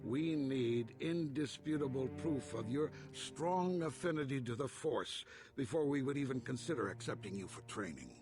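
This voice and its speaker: A man playing a strict, skeptical male Jedi master in a game, gravelly and curt. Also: medium pitch, lively intonation, moderate pace, over music, close to an everyday voice. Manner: doubtful, curt.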